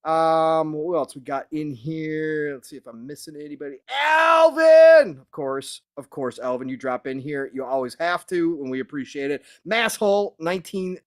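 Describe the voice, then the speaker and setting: A man's voice: a little high, fairly even intonation, normal speed, hardly any pauses, clean tone. A man hosting a live podcast, upbeat, greeting viewers and laughing easily. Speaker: podcast host. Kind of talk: live-stream podcast chat.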